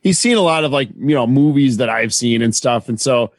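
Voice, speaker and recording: Giggly man with lively voice. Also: medium pitch, brisk, no room sound. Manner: giggly, easily amused. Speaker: podcast co-host. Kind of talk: casual comedic chat.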